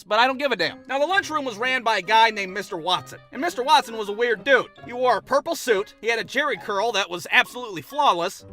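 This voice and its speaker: High, bright-voiced profane comedy narrator. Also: male voice. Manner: profane, sarcastic, exaggerated. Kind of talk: comedic animated storytelling narration.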